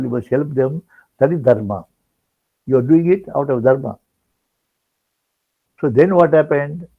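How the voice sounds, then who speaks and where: An older man giving a rambling devotional discourse, full of restarts and repeated words. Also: mid-range voice. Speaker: spiritual speaker. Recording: dull lo-fi online talk recording.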